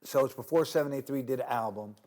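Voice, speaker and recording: A middle-aged New York man, appearing as an interview guest, tells a wild story at a fast clip in a medium-pitched voice. He's animated and profane, acting out other people's voices, cops' voices among them.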